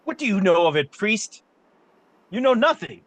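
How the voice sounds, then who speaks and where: A man's voice: mid-range voice, animated, normal speed, fairly bright tone, no room sound, natural voice. A man voicing an indignant male merchant guild member who protests in an outraged, blustering way.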